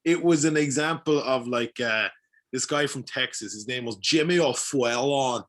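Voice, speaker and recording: Bright-toned animated Irish man. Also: mid-range voice, moderate pace. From Ireland. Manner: animated, swears freely, laughs often. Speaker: voice actor guest. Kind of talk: casual podcast chat.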